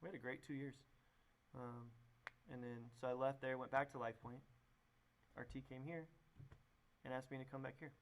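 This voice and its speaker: A man's voice: medium pitch, fairly even intonation, normal speed, long pauses, slight background noise. A young man, a youth pastor, telling his story in a casual, rambling way with many fillers and restarts. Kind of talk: casual testimony conversation.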